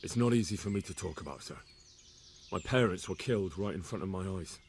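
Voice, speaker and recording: A man's voice: deep voice, expressive, brisk, a little hiss or hum. An actor playing a young male commoner in a video game, answering in a subdued, deferential way. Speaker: game protagonist.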